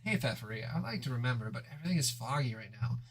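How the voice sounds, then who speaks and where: A man's voice: medium pitch, expressive, racing, fairly bright tone, natural voice. A man voicing a grumpy, easily annoyed young human girl in an irritable, whiny way, as he reads a webcomic aloud with voices.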